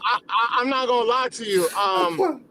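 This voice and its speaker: A man's voice: very high-pitched, brisk, pushed and bright, a little hiss or hum, low-quality recording. A man co-hosting a podcast in casual chat, hesitant and hedging.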